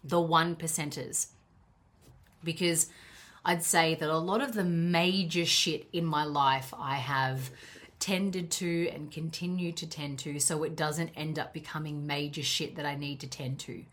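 A woman's voice: deep voice, steady tone, unhurried, fairly bright tone. A woman with an Australian accent, a coach talking candidly in a casual monologue, swearing freely and laughing at herself. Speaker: life coach.

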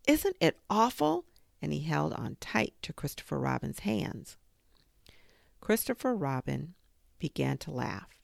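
A woman reading a children's story aloud as a storyteller, expressive and dramatic in her pacing. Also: low-pitched, creaky, no room sound, clean studio sound.

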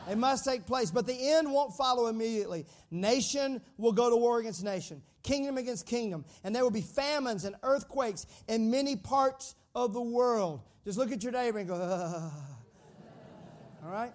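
A man's voice: very high-pitched, normal speed, hardly any pauses. A pastor preaching a sermon, joking with the congregation and calling out for them to repeat his words. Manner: lively, joking with the congregation, calls for responses.

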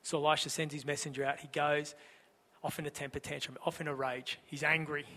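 A man's voice: a little high, little pitch movement, brisk, bright, forceful tone, in a large hall. A man preaching a sermon in a church, telling the story conversationally and asking the congregation rhetorical questions. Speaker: pastor.

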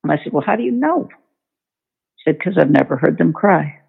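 A woman's voice: sits low, lively intonation, fairly quick, vocal fry, husky. A woman, an author on horsemanship, telling a story in an interview in a folksy, emphatic way. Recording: tinny phone-line sound.

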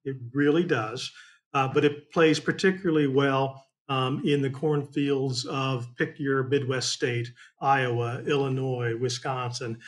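A man's voice: mid-range voice, steady tone, measured pace. A man from Indiana, a trial attorney telling a folksy courtroom story in a casual chat, rambling with many fillers.

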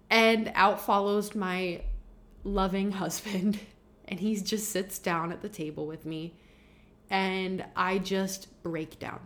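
A woman's voice: mid-range voice, steady tone, takes it slowly, a bit bright. Candid woman musing on her podcast. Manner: candid, confessional, rambling with many fillers. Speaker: podcast host. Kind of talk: personal podcast monologue.

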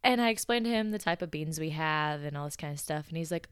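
A young American woman hosting a podcast, telling stories in a chatty, animated way and laughing along with them. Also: fairly low pitch, quick pace, few pauses, smooth, no room sound, clean studio sound. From United States. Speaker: podcast host. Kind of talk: storytelling podcast.

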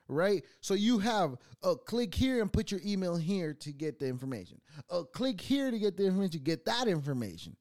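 A man's voice: high voice, very animated, brisk, few pauses, darkish tone, dry recording, clean studio sound. A young adult man hosting his own show, ranting casually with a lot of swearing and mocking laughter. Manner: profane, mocking, laughs often. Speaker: podcast host.

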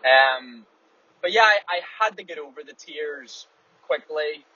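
A man's voice: a little high, animated, a little slow, sharp tone. Man in a car, candid rambling chat, swears a lot, muffled audio, faint road noise. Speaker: distance runner and podcast host. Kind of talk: casual reflective monologue. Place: small car, driving.

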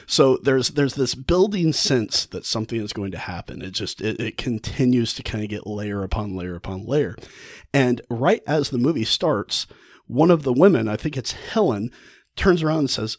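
A man hosting a podcast, casually retelling a story with enthusiasm and frequent halting restarts. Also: mid-range voice, lively intonation, dry recording, clean studio sound. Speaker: podcast host.

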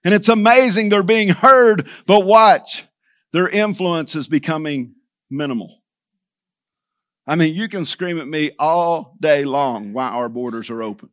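A man's voice: on the high side, a bit bright. A man preaching a sermon in a church, repeating phrases for emphasis and speaking straight to the congregation. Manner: preaching with emphatic repetition, addressing the church directly. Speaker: pastor.

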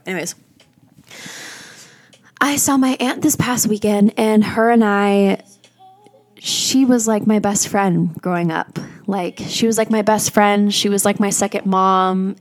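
A young podcast host gives a candid, confessional monologue, rambling along and saying "like" constantly. Her voice is medium in pitch, steady in tone, and a touch slow.

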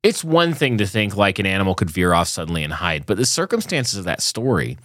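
Low-voiced man in lively podcast chat. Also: brisk, dry recording, clean studio sound. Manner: enthusiastic, rambling, joking. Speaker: podcast co-host. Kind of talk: casual chat.

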